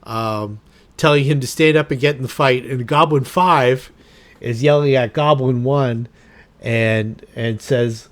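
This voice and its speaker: Male game master, mid-pitched, slow deliberate delivery, filler-heavy narration of combat. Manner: unhurried, thinking aloud with fillers.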